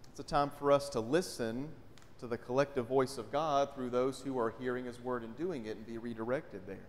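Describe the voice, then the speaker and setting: A pastor from North Carolina, preaching a conversational sermon and often asking "right?". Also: male voice, medium pitch, fairly quick, a little hiss or hum. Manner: conversational, frequent rhetorical "right?". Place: church sanctuary. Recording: long church reverb.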